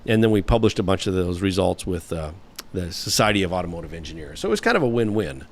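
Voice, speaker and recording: Low-voiced man telling long anecdotes. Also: sing-song, fast. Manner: rambling, anecdotal, frequent "you know" fillers. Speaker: guest, former automotive engineer. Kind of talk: storytelling interview answers.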